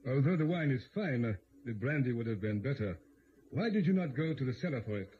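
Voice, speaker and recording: A man playing a pompous, brisk police inspector. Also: medium pitch, animated, natural voice. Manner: commanding, pompous, impatient. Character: brisk, self-important male police inspector. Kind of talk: 1940s radio acting. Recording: dull old radio broadcast with faint hiss.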